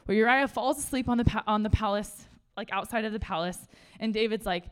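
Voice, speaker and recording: Woman, casual sermon, chatty and animated with frequent laughs, mid-range voice, talking to a room. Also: medium pitch, brisk, hardly any pauses, clean tone. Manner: chatty and animated, laughs often, says "like" a lot. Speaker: speaker at a church gathering. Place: room full of listeners.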